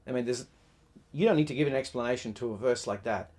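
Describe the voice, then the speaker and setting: A man's voice: medium pitch, fast, a little mellow. A man preaching a sermon, emphatic, often restarting words and putting questions to his listeners.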